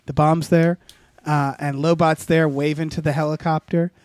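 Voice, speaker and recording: A man's voice: fairly high pitch, little pitch movement, moderate pace, darkish tone, no echo. A man co-hosting a comedy podcast, rambling through an improvised story with many filler sounds and restarts. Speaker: podcast co-host.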